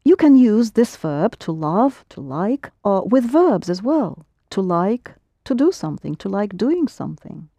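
A woman's voice: mid-range voice, big pitch swings, a little slow, vocal fry, few pauses, dark tone, dry recording. A woman teaching a Russian lesson in English, patiently correcting her students' pronunciation. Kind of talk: language lesson.

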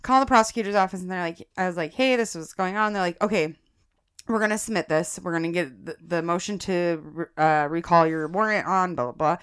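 A woman co-hosting a podcast, telling a personal story in casual chat. She is animated, laughs often and addresses the listeners as guys. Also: fairly low pitch, fairly quick, clean tone. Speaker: podcast co-host.

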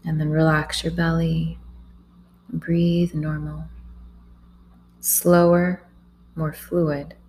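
Yoga instructor, woman, low flat delivery, calm soft cueing of breaths. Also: extremely slow, pauses often, slight background noise, poor audio.

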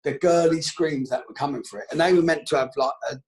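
A man, a former footballer, telling an anecdote casually, animated and swearing freely. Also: on the high side, quick pace.

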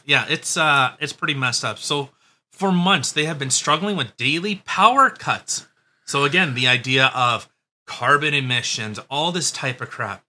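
A man's voice: medium pitch, a little slow, sharp tone. A man hosting a podcast, talking in a blunt, sarcastic, profane way in casual chat. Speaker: podcast host.

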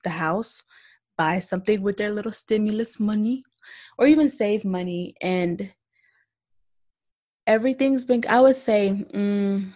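A woman co-hosting a casual podcast, candid and blunt, telling animated stories from her workday. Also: mid-range voice, unhurried, pauses often. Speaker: podcast co-host.

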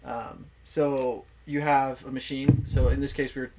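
A man's voice: medium pitch, little pitch movement, measured pace, heavy background noise. A young man as a podcast guest, chatting casually, laughing easily and explaining things with lots of fillers. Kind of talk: casual chat.

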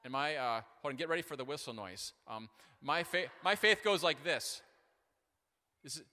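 A male pastor preaching with humor and stories, animated and self-deprecating, full of fillers and restarts. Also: a little high, moderate pace. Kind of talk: sermon with storytelling. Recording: long hall reverb.

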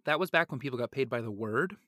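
Guy cohosting a comics podcast, crude jokey storyteller, super lively pitch. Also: fast talker, dry recording, clean studio sound. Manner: animated, joking storyteller with crude humor. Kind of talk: casual podcast banter.

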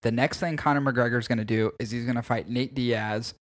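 A man co-hosting a casual podcast, talking about fights in an animated, opinionated way and swearing freely. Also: mid-range voice, a little fast. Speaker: podcast co-host.

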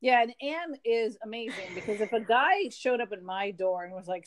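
A woman's voice: a little high, animated, normal speed, few pauses. Casual woman adding book details. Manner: chatty, interjects and adds details, many fillers. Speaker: podcast co-host discussing a novel. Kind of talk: casual chat.

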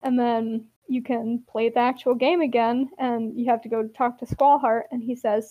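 A woman's voice: a little high, steady tone, normal speed, few pauses, dry recording, dull audio. A young woman hosting, giving a chatty, wry comic recap of a game's plot and laughing often.

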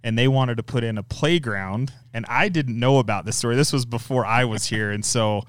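A man from a landscaping company, telling a relaxed, wry work anecdote in a casual podcast interview. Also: medium pitch, brisk, no room sound.

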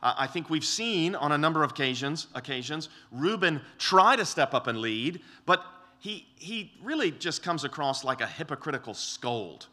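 Middle-aged male pastor, earnest sermon delivery, lively swooping pitch, emphatic and repetitive. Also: normal speed, hardly any pauses. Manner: earnest, emphatic preaching with many restarts and voiced quotes.

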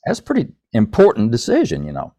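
An older man, a podcast guest, telling a personal story in a folksy, unhurried way and addressing the host by name. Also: medium pitch, huge pitch swings, mellow, no echo, studio quality. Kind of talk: casual storytelling.

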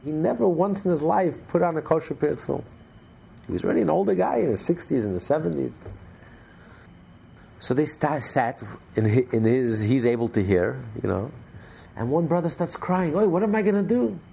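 A man teaching a religious class, telling a story in an animated way with frequent restarts. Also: mid-range voice, normal speed, gravelly, pauses often, a little hiss or hum.

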